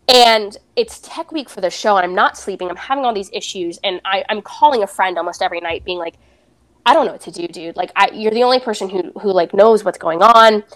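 A woman's voice: medium pitch, a bit bright. A young adult woman, a podcast guest, candidly retelling a personal story and acting out the dialogue.

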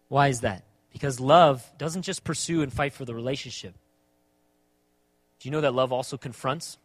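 A pastor preaches a sermon, putting rhetorical questions to the congregation and swinging between quiet and emphatic delivery. His voice is mid-range, and there's no echo.

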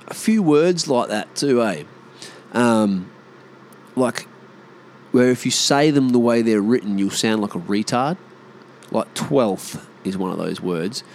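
An Australian man in casual monologue, rambling and swearing, often animated. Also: medium pitch, normal speed.

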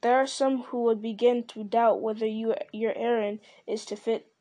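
A woman voicing a mysterious hooded old man who speaks softly and knowingly, unhurried and teasing. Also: on the high side, fairly even intonation, close to an everyday voice. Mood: calm.

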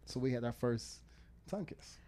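A man's voice: mid-range voice, animated, normal speed, mellow. A man co-hosting a podcast, telling stories in a laid-back, teasing way. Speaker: podcast co-host. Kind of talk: casual storytelling chat.

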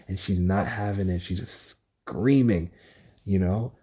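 A young man alone at home, recording a casual solo rant on his phone, rambling excitedly and swearing often. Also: deep voice, a little slow, noisy background. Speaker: podcast host. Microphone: phone recording app.

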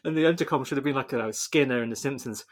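A man's voice: mid-range voice, racing. A man co-hosting a podcast in casual chat, laughing often as he retells scenes. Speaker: podcast co-host.

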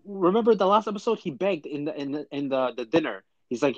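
A man's voice: a little high, fast, dry recording. Chatty man, dull dry recording. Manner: animated, lots of "like" and "I'm like". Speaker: podcast co-host. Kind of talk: casual chat.

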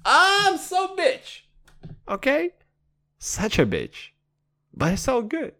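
A man hosting a podcast, talking in an excitable, profane, jokey way. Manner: excitable, profane, jokey, with big pitch swings. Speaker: podcast host. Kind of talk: casual podcast chat.

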